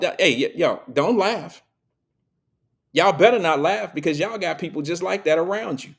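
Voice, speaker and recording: A middle-aged man hosting a live show, telling stories and preaching in a casual, slangy monologue to his audience. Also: on the high side.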